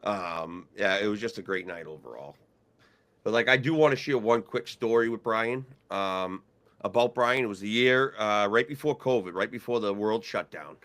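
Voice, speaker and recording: A man co-hosts a relaxed podcast, talking about refereeing in a low-pitched voice with a bright, forceful edge. He tells his stories loosely and with energy, acting out the voices of the people in them. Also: moderate pace. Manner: storytelling, animated when quoting others. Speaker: hockey referee supervisor and podcast co-host. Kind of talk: casual podcast chat.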